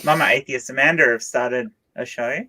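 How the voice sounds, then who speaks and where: A man chatting casually on a livestream, animated and quick to laugh. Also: mid-range voice, dry recording. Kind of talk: casual chat.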